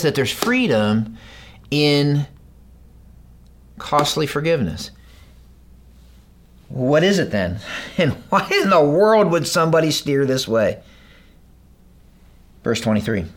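A man preaching a sermon, moving between loud, emphatic lines and hushed, low delivery, and acting out the voices in the story he reads. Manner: acts out the parable's characters in raised voices. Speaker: pastor.

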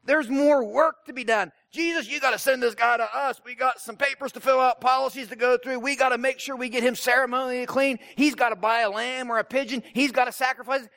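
A preacher puts on a fussy, rule-bound male religious scholar who is indignant and lectures in exasperation, piling objection on objection. The voice rides high and strained above his normal register. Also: fairly even intonation, fast, gravelly, few pauses, pushed and bright, dry recording, studio quality, full character voice.

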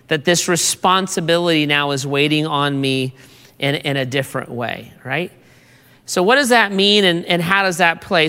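A pastor preaching a sermon, deliberate and repeating words as the points build. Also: medium pitch, sharp tone, clear, resonant tone. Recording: long reverb of a large hall.

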